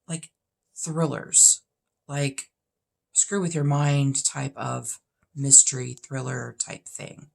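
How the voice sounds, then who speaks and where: Woman, fifties, low voice, gravelly fry, blunt opinionated vlogger chat. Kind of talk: casual chat answering questions.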